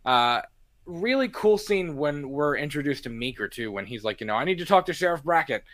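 A man's voice: on the high side, fairly quick, no room sound. A young man co-hosting a podcast, talking casually about a movie and acting out quotes from its scenes. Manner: animated, acts out quotes from scenes. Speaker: podcast co-host.

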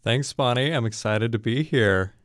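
A man's voice: medium pitch, moderate pace, fairly bright tone. A young man from Kentucky, a college student guest, telling stories in a casual interview with lots of fillers. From Kentucky, USA. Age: young adult. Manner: chatty, storytelling, many fillers.

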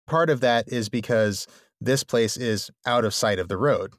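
A man's voice: medium pitch, normal speed, no echo, studio quality. A man co-hosting a podcast, talking through ideas about a book in a thoughtful, step-by-step way. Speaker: podcast co-host. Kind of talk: casual book discussion.

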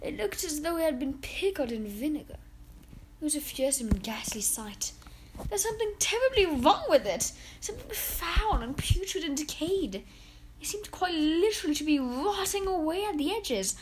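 Woman storyteller, high voice, expressive, dramatic read-aloud. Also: normal speed, background noise. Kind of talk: reading a children's book aloud.

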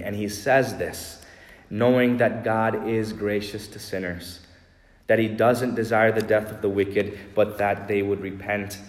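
A pastor preaching a sermon with earnest, measured emphasis, often slowing down and dropping his voice. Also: lowish voice, roomy sound, long reverb tail. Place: church.

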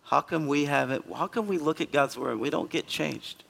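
A male pastor giving a conversational sermon in a church, earnest and emphatic, with sudden loud bursts. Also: on the high side, moderate pace, gravelly, in a large hall. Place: church sanctuary.

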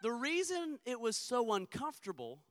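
A man's voice: very high-pitched, huge pitch swings, normal speed. A middle-aged man preaching a sermon, emphatic and rhythmic, slipping into humorous personal storytelling. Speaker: pastor.

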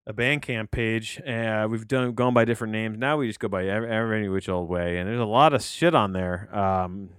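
A man's voice: fairly low pitch, normal speed, hardly any pauses, clear, resonant tone, no room sound, studio quality. A man hosting a solo podcast, rambling and digressing as he reviews a movie, often restarting his sentences and swearing casually. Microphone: close to the mic.

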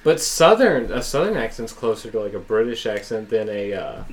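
A man's voice: fairly low pitch, very animated, normal speed. A man from Oklahoma with an Oklahoman accent, hosting a podcast in casual, crude banter full of fillers. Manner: rambling, crude joking, lots of fillers. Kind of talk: casual chat.

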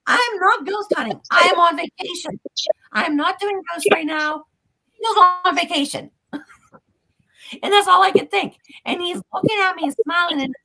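A woman guest on a podcast, casually retelling a story in an animated, profane way. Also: extremely high pitch, rough recording.

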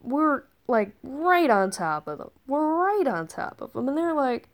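A woman's voice: sits high, very animated, measured pace, few pauses. A woman telling a rambling story in character as a time traveler, chatty and casual, with sarcastic asides.

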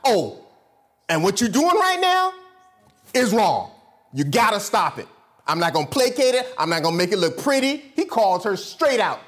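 A pastor preaching a sermon to his church, swinging from loud, high bursts down to low murmurs. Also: sing-song, normal speed, slightly rough.

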